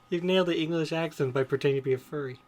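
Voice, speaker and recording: A man's voice: on the high side, quick pace, darkish tone. A man co-hosting a comedy podcast, cracking jokes and laughing at the reading. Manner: wisecracking, laughing interjections. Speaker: podcast co-host. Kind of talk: casual comedic banter.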